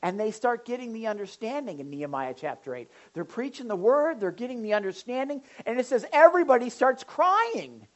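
Animated woman preaching a sermon. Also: a little high, brisk, few pauses, dull audio. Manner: animated, acts out congregants' voices. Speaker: pastor.

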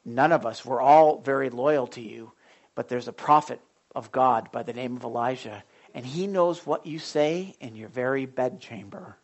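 A man voicing a loyal army general who calmly explains himself to his king, in a lowered voice. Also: normal speed, lightly acted. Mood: earnest. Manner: lower, reassuring. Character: loyal male general, earnest and calm.

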